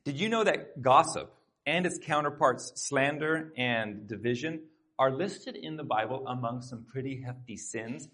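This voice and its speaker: A man's voice: medium pitch, unhurried, bright, forceful tone. A pastor preaching a sermon to his congregation in a church, talking in an earnest, conversational way with asides to the crowd. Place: church sanctuary.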